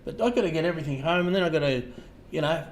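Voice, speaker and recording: An Australian man hosting a casual livestream, talking to viewers in a halting way, repeating words and trailing off softly. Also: fairly high pitch, expressive. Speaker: livestream host.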